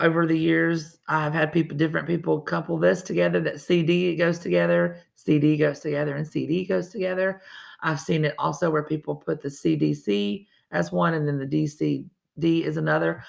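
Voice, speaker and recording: A woman's voice: sits low, gravelly. A woman teacher with a Southern US accent, explaining a poetry lesson step by step in a chatty way, with self-correcting asides. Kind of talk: recorded online reading lesson.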